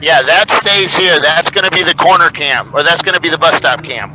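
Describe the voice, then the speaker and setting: A man's voice: on the high side, fairly quick, rough recording. A man on a race broadcast crew, chatting and joking loosely while he sets up cameras. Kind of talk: casual chat over the broadcast.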